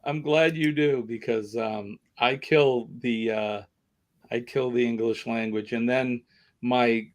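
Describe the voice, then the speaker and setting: A man's voice: mid-range voice, steady tone, slow. A middle-aged man with a Boston accent, hosting a casual live chat in a rambling, self-deprecating way. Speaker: livestream host.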